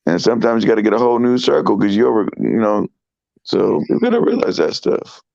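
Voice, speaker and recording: Man, low gravelly voice, hoarse and sick, emphatic, muffled lo-fi audio. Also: lively intonation, fast talker, dark tone. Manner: slangy, emphatic, motivational. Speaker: trucker guest. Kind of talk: casual livestream chat.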